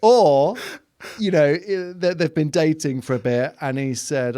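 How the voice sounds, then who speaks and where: A man's voice: medium pitch, normal speed, slight background noise. A man, a comedian guest on a chat podcast, telling rambling stories and acting out the people in them. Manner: rambling, animated storytelling with acted-out quotes.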